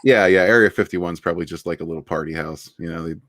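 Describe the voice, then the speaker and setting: A man's voice: deep voice, fast talker, a bit bright, dry recording, clean studio sound. A man being interviewed on a casual livestream, laid-back and rambling, laughing often. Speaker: interviewed author.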